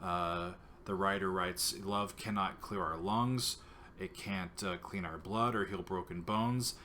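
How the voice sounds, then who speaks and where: A composer hosting his own video show, talking about a new piece in a halting, earnest way with many filler pauses. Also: sits low, steady tone, bright, forceful tone, slight background noise. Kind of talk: casual talk to camera about his music.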